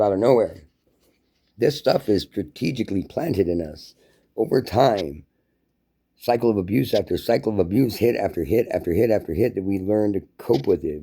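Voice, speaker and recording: Man, low very dark voice, rambling profane rant, solo vlogger. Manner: profane, heated, storytelling. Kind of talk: casual monologue rant.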